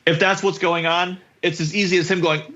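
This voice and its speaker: Animated podcast dude, bright sharp voice, swears a lot, bit lo-fi sound. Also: male voice, high voice, a little fast. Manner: animated, profane, acts out characters' lines. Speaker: podcast co-host. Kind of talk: casual recap chat.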